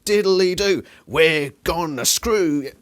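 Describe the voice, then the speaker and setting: A man's voice: on the high side, lively intonation, takes it slowly, noisy background. Cocky alien warrior dudes bragging sing-song, man putting it on. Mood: taunting. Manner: taunting, sing-song boasting. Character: swaggering male alien warriors, mocking bravado.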